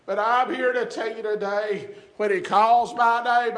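An older man preaching a sermon in a small church, swinging between shouted exhortation and hushed, drawn-out phrases. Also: sits high, steady tone. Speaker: pastor. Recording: echoey church room, faint congregation.

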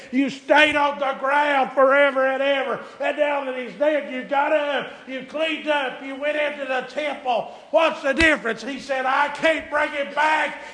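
Shouting preacher man, high and bright. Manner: shouting, chanting preaching cadence. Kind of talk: sermon. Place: church. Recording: echoey church room.

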